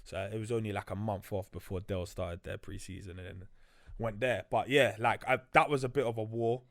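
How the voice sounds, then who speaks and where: A man's voice: on the low side, steady tone, a little fast. A young man, a podcast guest telling a story in a loose, slangy way with many fillers. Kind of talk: casual storytelling chat.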